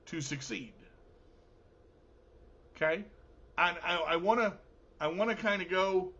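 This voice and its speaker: A man hosts his own show with an unhurried, playful, joking delivery. His voice sits high and bright. The recording sounds dull and lo-fi. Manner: jokey, playful storyteller. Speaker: show host. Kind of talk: casual podcast talk.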